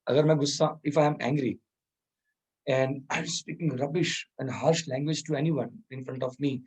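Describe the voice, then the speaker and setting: Husky man teaching soft skills. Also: medium pitch, steady tone, moderate pace, low-quality recording. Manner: chuckles often, Hindi words mixed into English. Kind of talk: informal lecture with storytelling.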